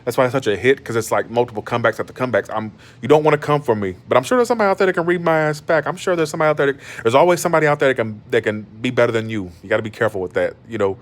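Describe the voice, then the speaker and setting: A man's voice: mid-range voice, racing, few pauses. A man in his thirties from Georgia, ranting bluntly to his stream audience from his bed, with many restarts. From Georgia, USA. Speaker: YouTuber. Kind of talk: casual monologue on a live stream. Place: in bed at home.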